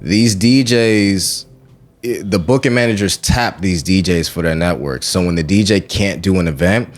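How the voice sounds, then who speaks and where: Man, low voice, slangy, animated, laid-back podcast guest. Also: normal speed. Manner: slangy, animated, frequent "you know what I'm saying". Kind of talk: casual interview chat.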